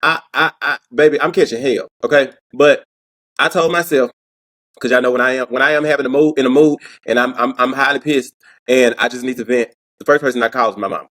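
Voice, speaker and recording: A man's voice: medium pitch, steady tone, fairly quick, fairly bright tone. A man hosting his own commentary vlog. He talks casually and animatedly, laughs often and repeats words as he goes. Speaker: show host.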